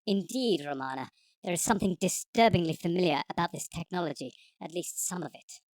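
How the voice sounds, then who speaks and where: A voice actor playing an eccentric male alien time traveller in an audiobook, wordy and knowing, his voice pitch-shifted higher. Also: a little fast, darkish tone, no echo, rough recording. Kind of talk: audiobook character voice.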